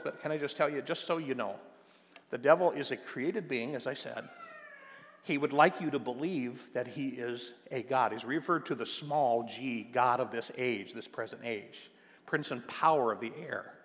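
Older male pastor, gravelly, emphatic sermon delivery, long reverberant hall. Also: mid-range voice, slight background noise. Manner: emphatic preaching with slow stressed phrases and many fillers.

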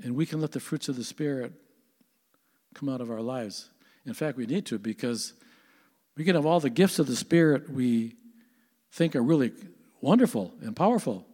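A man's voice: medium pitch, moderate pace, long pauses, mellow. Older male pastor preaching in a hall. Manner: earnest, conversational preaching with rhetorical questions. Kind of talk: sermon.

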